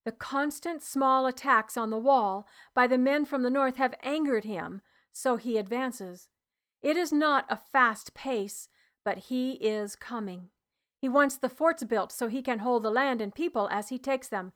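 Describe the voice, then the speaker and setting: A woman's voice: high voice, a little slow, a bit bright. A woman voicing a weary male tribal healer who speaks in an earnest, grave manner in an audiobook reading. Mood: earnest, urgent.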